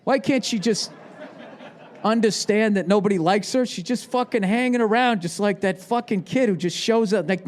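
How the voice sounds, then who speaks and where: Profane ranting male stand-up comic. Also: high-pitched. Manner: profane, sarcastic ranting with shouted bursts. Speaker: stand-up comedian. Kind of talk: live stand-up rant. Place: large live venue with audience. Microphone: handheld microphone.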